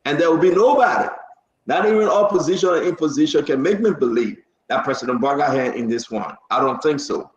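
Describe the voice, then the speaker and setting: Emphatic host, echoey lo-fi sound. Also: male voice, fairly high pitch, a little fast. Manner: emphatic, insistent. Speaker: talk show host. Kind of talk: political talk-show discussion. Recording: echoey, dull lo-fi stream audio.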